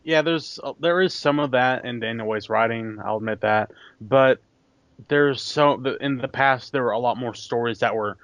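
A man's voice: medium pitch, fairly bright tone, no echo. A young man, a guest on a podcast, casually recalling a comic story and hunting for his words as he goes. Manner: halting, searching for words. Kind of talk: casual chat. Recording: dry, dull lo-fi sound.

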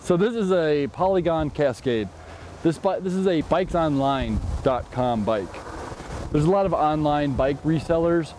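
A jokey, chatty man talks through a bike build in a loose vlog manner. His voice sits a bit high but sounds mellow and dark. Faint street noise from outdoors hangs behind him. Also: a little slow. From Chicago. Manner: joking, chatty, playful asides. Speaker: e-bike builder and channel host. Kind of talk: casual product walkthrough vlog.

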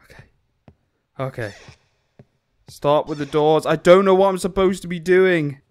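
A young man with a high voice talks his way through a horror game. He mutters nervously to himself, then breaks into panicked yelling when something jumps out. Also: a little slow, long pauses, smooth. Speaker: gaming YouTuber.

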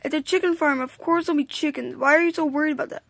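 A woman voicing a male wolf who leads a gang, reading haltingly in a high voice. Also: steady tone, creaky, dry recording. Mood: leading, suspicious. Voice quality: read aloud haltingly.

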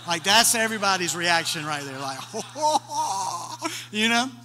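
Animated preacher man in a church hall. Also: sits high, a little fast, background noise. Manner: animated storytelling, acting out voices of the people in the story. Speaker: pastor. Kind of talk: sermon.

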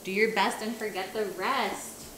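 Woman streamer cooking at home, slow and chatty; echoey kitchen, loud pot clatter. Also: medium pitch, fairly even intonation, very noisy. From Canada. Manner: chatty, reads and answers viewer chat while cooking. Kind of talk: live-stream cooking chat. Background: clattering pots, pans and dishes.

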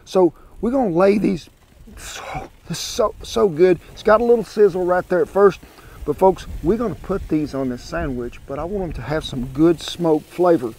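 Southern American man, homespun cooking host, slightly high voice, outdoor smoker, wireless lapel mic, faint background noise. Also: moderate pace, gravelly, darkish tone. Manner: homespun, chatty, talks straight to the folks watching. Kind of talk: folksy cooking demonstration. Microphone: wireless clip-on mic.

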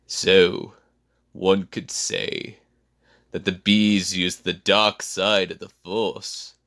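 Man as sinister elderly emperor; hoarse, gravelly, very slow menacing delivery. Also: deep voice, little pitch movement, a bit bright, heavily acted. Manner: slow, menacing drawl with sudden hisses. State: sick. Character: sinister old male galactic emperor.

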